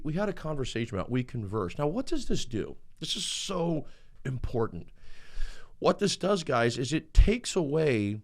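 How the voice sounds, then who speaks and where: A middle-aged man hosting a talk on marriage, speaking emphatically and letting his voice swing up high to drive points home. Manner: emphatic, preacher-like swings in pitch. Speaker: host.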